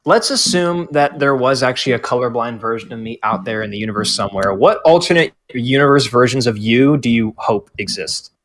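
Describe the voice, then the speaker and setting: A man's voice: mid-range voice, fairly quick, few pauses, fairly bright tone. Joking young man co-hosting a podcast. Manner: joking, crude, laughs often. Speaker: podcast co-host. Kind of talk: casual banter among friends.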